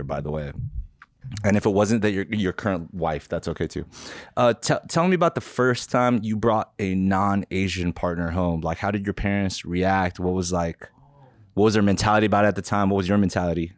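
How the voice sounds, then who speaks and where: A man hosts a comedy podcast, putting relaxed, loosely phrased questions to his co-hosts. His voice sits a bit low. The sound is close and dry. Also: normal speed, no room sound. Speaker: podcast host. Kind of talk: casual podcast hosting.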